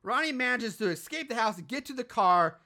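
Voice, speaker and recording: A podcast host recapping a horror film in casual chat, animated and profane, often exasperated. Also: mid-range voice, fairly quick.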